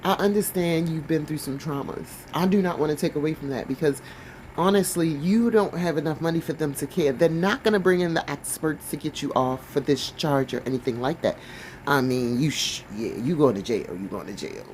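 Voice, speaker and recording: A woman's voice: deep voice, a little fast, darkish tone, slight background noise, poor audio. Sassy woman reading news aloud. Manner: blunt, sassy commentary between read passages; stumbles over words while reading. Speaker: commentator reading a news article. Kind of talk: reading aloud with casual asides.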